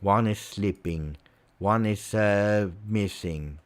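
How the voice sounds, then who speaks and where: A man's voice: lowish voice, slow pace. A man with an Italian accent hosting a live football reaction, ranting angrily and repeating himself. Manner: angry, repetitive ranting. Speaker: fan channel host.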